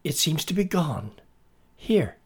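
Give me a kindly library aide woman as a man reads her, husky and slow. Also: on the high side, sing-song, pitched above the performer's own voice, heavily acted.

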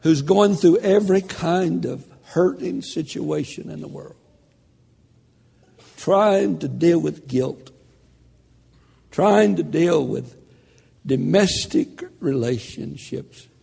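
An older man preaching a sermon, telling a story in a slow, dramatic delivery that drops to a hush. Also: a little high, creaky, husky, big-room sound.

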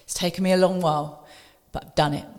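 Female guest, young adult, lowish voice, emotional storyteller, reverberant room. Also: quick pace. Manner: animated, quoting others in dialogue, emotional. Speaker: podcast guest.

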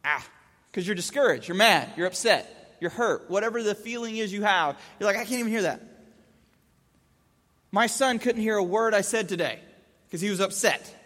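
A man's voice: sits high, expressive, normal speed, a bit bright, in a large hall. A man giving a conversational Bible teaching, casual, asking rhetorical questions and restating verses in plain words.

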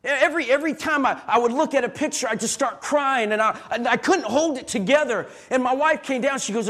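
A man's voice: very high-pitched, fast talker, hardly any pauses, a bit bright. A middle-aged man preaching a sermon as a pastor, emotional and repetitive, building emphasis through repeated phrases.

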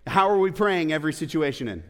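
A man's voice: on the high side, lively intonation, fast, a bit bright. A man preaching a sermon in a church, talking conversationally with rhetorical questions and playful asides. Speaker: pastor. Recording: long hall reverb.

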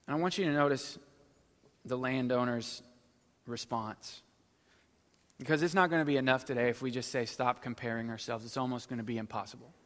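A middle-aged male pastor preaching with a bright, forceful voice. He swings from loud, emphatic passages down to low, hushed asides. His sermon rings with a long reverb, as from a big hall. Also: fairly even intonation, a little fast.

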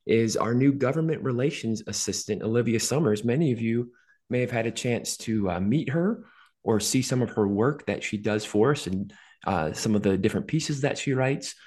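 A man's voice: mid-range voice, normal speed, a little mellow. Male podcast host; upbeat, joking, filler-heavy conversational read. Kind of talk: casual podcast interview.

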